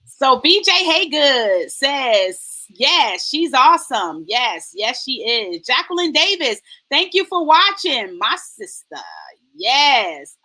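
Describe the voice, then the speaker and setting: Woman, host, high voice, reading live comments, sing-song greetings. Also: sing-song, slow, bright, forceful tone, low-quality recording.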